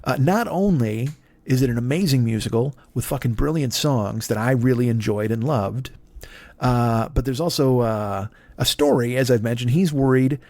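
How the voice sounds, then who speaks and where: A man's voice: mid-range voice, normal speed, dark tone, dry recording. Rambling, profane man in his fifties. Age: 50s. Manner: rambling, profane, self-deprecating. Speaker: podcast host. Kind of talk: comedic podcast monologue.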